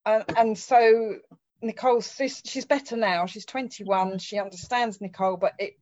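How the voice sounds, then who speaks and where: A woman's voice: medium pitch, fairly even intonation, moderate pace, a little mellow, no room sound, dull audio. A middle-aged woman speaking earnestly as a mother about her family's experience. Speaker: parent guest. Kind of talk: personal account.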